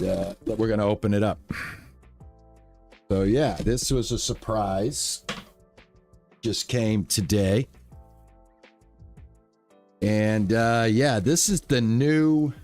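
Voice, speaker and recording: A man chatting casually on a live stream, relaxed and thankful, with lots of fillers and restarts. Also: fairly low pitch.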